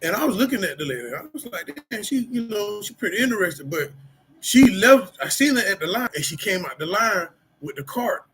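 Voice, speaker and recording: A man's voice: high-pitched, very animated, fairly quick, bright, forceful tone, slight background noise, low-quality recording. A middle-aged man talking casually and candidly to his viewers about his past and how he has changed, rambling with lots of fillers and street slang. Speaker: vlogger sharing personal recovery. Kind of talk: casual personal talk to camera.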